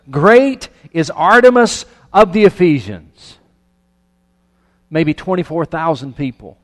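A man preaching a sermon, reading scripture aloud and breaking off into lively, conversational asides. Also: medium pitch, in a large hall. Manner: animated, conversational preaching with restarts. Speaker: pastor.

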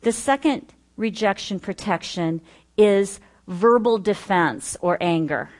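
A woman's voice: mid-range voice, slow pace. A middle-aged woman teaching earnestly, listing points with personal asides. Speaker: Bible study teacher. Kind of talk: teaching talk.

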